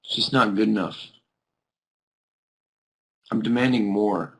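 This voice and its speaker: A drowsy young man with a fairly low voice chats with viewers over a webcam, rambling loosely and filling his sentences with "like". He keeps yawning and sounds casual. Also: a little slow, gravelly, rough recording. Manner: rambling, peppered with "like". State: sleepy, yawning. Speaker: host of a live video chat. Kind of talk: casual chat answering viewers.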